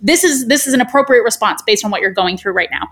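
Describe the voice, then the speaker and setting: A woman guest on a podcast interview, explaining a framework in an animated, theatrical way and slipping into voices. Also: fairly high pitch, fast talker. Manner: animated, theatrical, does voices when quoting. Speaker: guest speaker.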